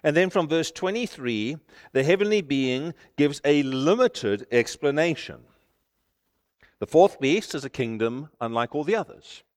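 A man preaching a sermon, emphatic and building to forceful declarations. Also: on the high side, animated, measured pace, big-room sound.

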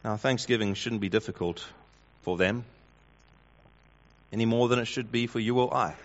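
A man preaching a sermon, building through rhetorical questions and swinging between loud emphasis and hushed lines. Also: lowish voice, moderate pace. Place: church hall with congregation. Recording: dull lo-fi sound.

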